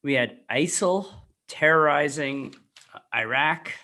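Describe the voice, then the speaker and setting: A man's voice: a little high, slow pace, sharp tone. A man hosting a podcast in casual chat, reading out items and quizzing his co-hosts. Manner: runs the segment, reads out items and asks questions. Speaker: podcast host.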